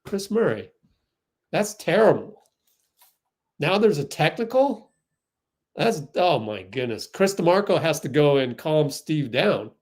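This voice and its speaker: A man hosting a fan livestream, giving excitable live play-by-play and getting outraged at the referees. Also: a little high, a little slow, pauses often.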